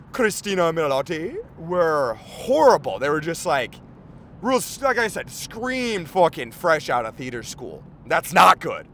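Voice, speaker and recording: Lively high-voiced man ranting casually. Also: a little hiss or hum. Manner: rambling, profane, excitable, lots of fillers. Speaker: podcast host. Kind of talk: casual rambling chat.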